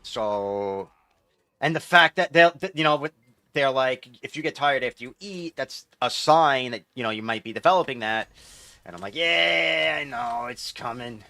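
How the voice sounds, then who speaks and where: A man streaming a game chats loosely with his viewers, rambling and reading chat aloud. His mid-range voice is animated and pushed, with a bright edge, at normal speed. The recording has no room sound.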